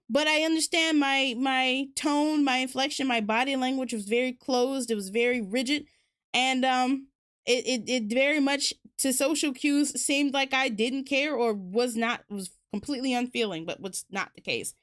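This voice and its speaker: A woman's voice: high-pitched, normal speed, a bit bright. A woman streamer hosting a casual book talk, rambling candidly with lots of fillers and the odd swear word. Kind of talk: casual chat.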